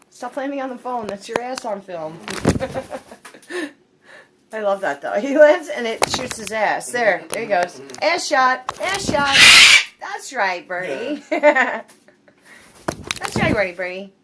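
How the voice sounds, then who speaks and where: A woman's voice: fairly high pitch, heavy background noise. A woman at home filming her pets on a phone, talking playfully to her bird and laughing often. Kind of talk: casual chat to pets while filming.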